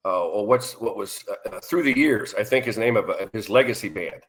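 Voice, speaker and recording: A man's voice: lowish voice, fairly quick, a bit bright. An older man, a retired musician, tells his stories loosely as an interview guest. He rambles, trips over his own sentences and starts them again, and shows no hurry. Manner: rambling, many restarts, acts out quoted voices. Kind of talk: casual interview storytelling.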